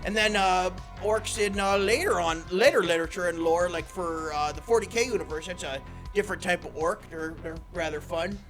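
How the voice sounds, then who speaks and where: A man co-hosting a comedic podcast, excitable and given to loud shouted bits. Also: high-pitched, brisk, hardly any pauses, loud music behind the voice. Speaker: podcast co-host.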